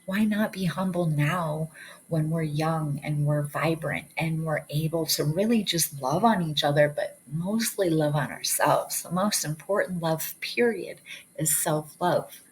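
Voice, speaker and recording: Woman, low-ish voice, earnest spiritual coach, faint hiss behind. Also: unhurried, rough recording. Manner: earnest, encouraging, repeats words. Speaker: hypnosis practitioner. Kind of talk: casual spiritual talk.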